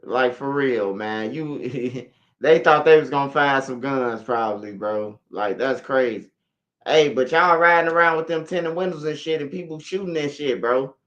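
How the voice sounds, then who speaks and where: A man's voice: mid-range voice, normal speed, a bit bright, highs cut off. A man giving casual reaction commentary on a video, talking in a slangy, loose way.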